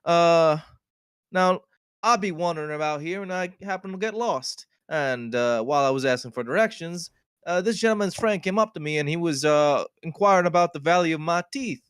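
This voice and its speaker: A man's voice: fairly high pitch, moderate pace, fairly bright tone, smooth, dry recording, studio quality, pitched above the performer's own voice, close to an everyday voice. A man voicing a frog man in a tabletop game, overly courteous and formal, with odd grammar and a put-on accent. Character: polite, stiffly formal frog man adventurer.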